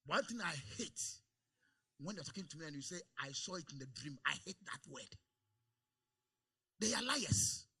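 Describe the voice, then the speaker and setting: Animated high-voiced preaching man, gravelly. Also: normal speed, pauses often. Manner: animated, shifts between quiet asides and loud exclaims; calls for amens from the congregation. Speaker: pastor. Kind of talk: preaching a sermon. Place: church service.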